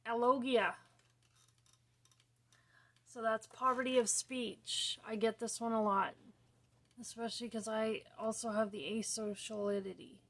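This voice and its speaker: Slow-talking young woman, soft and trailing. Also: on the high side. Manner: slow, soft-spoken, often trailing off quietly. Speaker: vlogger. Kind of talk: casual talk to camera about her own condition.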